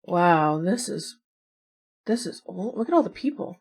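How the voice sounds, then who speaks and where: A woman's voice: fairly low pitch, expressive, a little slow, darkish tone, husky. A woman playing puzzle games and thinking aloud in casual commentary, chatty and wondering, with self-deprecating asides. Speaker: puzzle game streamer.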